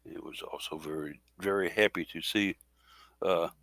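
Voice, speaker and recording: A man with a very low, bright voice co-hosts a casual sports podcast. He talks haltingly, with many fillers and quick self-corrections. The sound is dry and close. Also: steady tone, no echo. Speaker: podcast co-host.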